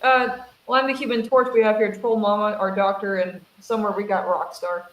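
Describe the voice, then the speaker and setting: A relaxed player speaks in character during a tabletop game. The voice sounds distant and roomy, with a faint hiss underneath. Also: mid-range voice, a little fast, muffled recording.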